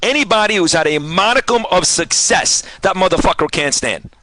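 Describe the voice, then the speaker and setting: A man's voice: high-pitched, animated, moderate pace, bright, forceful tone, a little hiss or hum, poor audio. A man, in his forties, hosting casual radio talk and ranting with lots of swearing. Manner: fired-up, ranting, swears a lot. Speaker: radio host.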